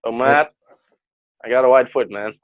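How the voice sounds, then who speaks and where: A man's voice: medium pitch, moderate pace, a little hiss or hum. A man co-hosting a casual podcast, hesitant and searching for words. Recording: dull lo-fi dry sound.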